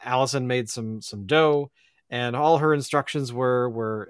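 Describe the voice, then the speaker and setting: A man's voice: mid-range voice, unhurried, clean tone, dry recording, studio quality. A man hosting a podcast, talking in a rambling, reflective way full of fillers. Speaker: podcast host. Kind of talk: casual chat.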